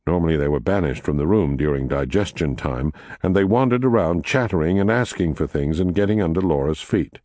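A man narrating a novel in a measured storytelling manner, recorded on a close mic. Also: dry recording. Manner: measured storytelling with expressive pitch. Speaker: audiobook narrator. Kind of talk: scripted narration.

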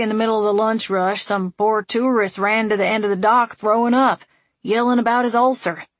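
A woman voicing a wry, patient man with a dry, steady, gently teasing manner. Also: mid-range voice, no echo, lightly acted.

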